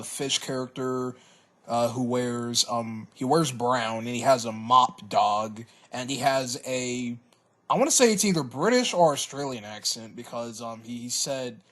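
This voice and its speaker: A man giving a casual cartoon episode review, hesitant, often repeating words and filling pauses. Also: mid-range voice, a bit bright. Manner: hesitant, stammers and repeats words, many fillers.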